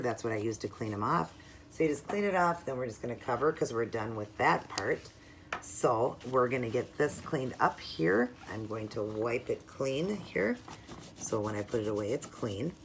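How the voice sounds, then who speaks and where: A woman with a strikingly deep, gravelly voice narrates a nail art tutorial at home. She chats casually, explaining every step, and now and then drops into a soft murmur as she concentrates. A faint hiss sits under the recording. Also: sing-song, normal speed.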